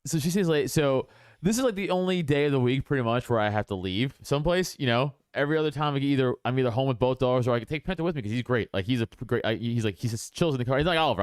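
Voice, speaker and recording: A man's voice: mid-range voice, clear, resonant tone, dry recording, clean studio sound. A young man co-hosting a podcast, telling a story in casual chat, acting out quoted voices and laughing often. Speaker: podcast co-host.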